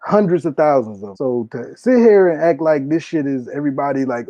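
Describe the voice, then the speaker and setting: A man's voice: on the high side, animated, fairly quick, dark tone, dry recording. A man in his thirties delivering heated, profane political commentary, hammering his points with repetition. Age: 30s. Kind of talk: impassioned solo commentary. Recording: dull lo-fi dry recording.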